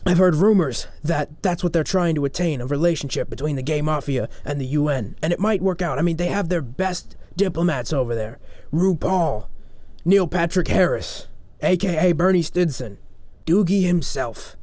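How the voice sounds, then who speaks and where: A man's voice: on the high side, moderate pace, a little mellow, no echo, lightly acted. A man playing a blustering conspiracy radio host. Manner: rambling, stammering, self-assured. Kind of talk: comedic talk-radio parody.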